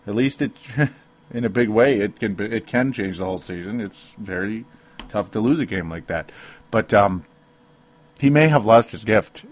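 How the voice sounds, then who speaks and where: A man's voice: on the low side, expressive, normal speed, breathy edge. A man giving a solo sports opinion podcast, rambling and interrupting himself with frequent rueful laughs. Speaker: sports commentator.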